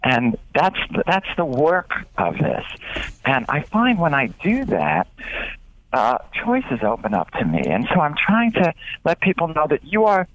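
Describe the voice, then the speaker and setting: A man interviewed as an author, telling animated stories and acting out what others said. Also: a little high, a little slow, no room sound. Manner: animated storytelling with acted-out quotes. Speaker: author and guest. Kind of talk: radio interview. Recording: dull dry lo-fi radio audio.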